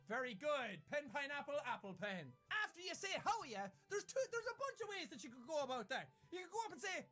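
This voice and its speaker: A young Irish man talks through slang in a bouncy, comic way. His voice sits high and swings widely, often leaping up for quoted lines. Faint music plays underneath. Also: brisk, hardly any pauses. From Ireland. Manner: animated, jumps into exaggerated high-pitched quoted voices. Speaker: YouTuber. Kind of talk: comedic slang lesson.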